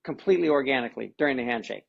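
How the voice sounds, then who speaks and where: Gravelly, husky man talking with animation. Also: medium pitch, rapid-fire, dull audio. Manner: animated, repeats words when starting a thought. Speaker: tennis coach, guest. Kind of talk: casual conversation.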